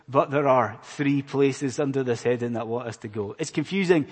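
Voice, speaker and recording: A Scottish man preaching a sermon in church, earnest, questioning his listeners, swinging between loud emphatic phrases and hushed ones. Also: medium pitch, normal speed, hardly any pauses, husky. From Scotland. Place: church in a large hall. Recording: long hall reverb.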